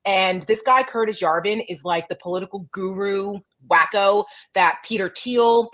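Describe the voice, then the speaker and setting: Woman co-host, blunt and profane, mid-pitched, animated delivery on a video call. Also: normal speed, poor audio. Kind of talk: casual political chat.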